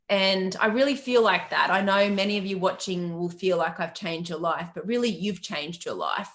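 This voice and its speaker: A woman's voice: medium pitch, normal speed, a bit bright. Australian woman, middle-aged, business coach, chatty and upbeat, live stream, laptop mic. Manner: upbeat, chatty, greets viewers by name, laughs often. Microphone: webcam or laptop mic on a video call.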